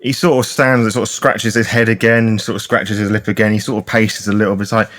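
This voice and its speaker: A man's voice: on the low side, little pitch movement, fast talker, few pauses, fairly bright tone. A man running a tabletop game as game master, narrating in a casual, hesitant way.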